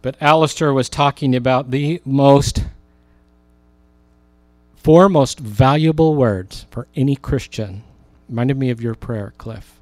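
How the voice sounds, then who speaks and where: A man preaching a sermon as a pastor, rising for emphasis and slowing down on key words. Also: mid-range voice, darkish tone, dry recording.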